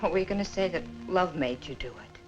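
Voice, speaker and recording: A woman's voice: low voice, expressive, over music, low-quality recording. An actress playing a grieving young woman who coldly refuses to listen to the man who wronged her. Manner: cold, measured, rising to anger. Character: bitter grieving young woman, cold and unforgiving. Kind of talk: old film acting.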